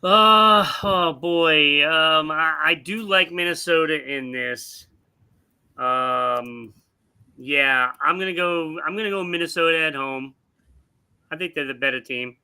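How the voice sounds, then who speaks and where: A high-pitched man with a very bright, sharp-edged voice, co-hosting a sports show. He hems with fillers before landing his picks with emphatic bursts. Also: takes it slowly, clean tone. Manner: hesitant fillers, then emphatic outbursts. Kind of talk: casual sports picks chat.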